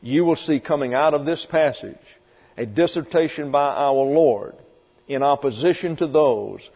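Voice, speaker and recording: A man's voice: a little high, a little slow, breathy edge. Emphatic male preacher in a reverberant hall. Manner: emphatic, acts out voices in quotes. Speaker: pastor. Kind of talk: expository sermon. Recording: reverberant hall, dull lo-fi sound, mains hum.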